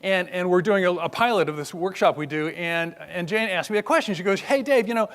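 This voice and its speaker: Older male keynote speaker, high-pitched, chatty and wry, live on a stage mic. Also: brisk. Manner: animated, joking, conversational. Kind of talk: conference keynote. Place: conference hall stage.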